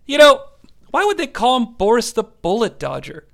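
Give me a man recapping a film with crude jokes, raspy and bright. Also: very high voice, wildly swooping pitch, normal speed. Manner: irreverent, crude, joking. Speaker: movie reviewer. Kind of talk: comedic movie recap.

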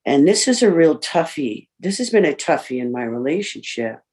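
A woman giving a candid personal share in a recovery group, reflective and pausing often with fillers. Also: deep voice, sing-song, a little mellow. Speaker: speaker sharing in a recovery group. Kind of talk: personal recovery share, reading list points.

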